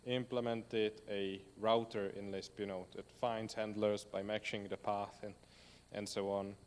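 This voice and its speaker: A man's voice: fairly low pitch, flat delivery, unhurried. A man presenting at a tech meetup and answering audience questions in a loose, conversational way, while losing his voice. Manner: loose and conversational, many fillers, builds lists. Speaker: conference speaker. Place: meetup hall. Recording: hall reverb with faint noise.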